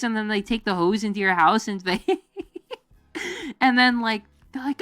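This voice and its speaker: A woman's voice: medium pitch, lively intonation, moderate pace, fairly bright tone, no echo. A woman streamer chatting casually with her viewers, rambling with lots of fillers, giggling, and jumping into goofy quoted voices. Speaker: VTuber streamer. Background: faint background music.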